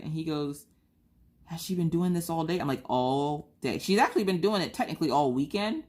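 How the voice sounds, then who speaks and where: Animated woman telling family stories. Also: low voice, fairly quick, slight background noise. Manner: animated, acts out family members' voices. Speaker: vlogger. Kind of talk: casual storytelling chat.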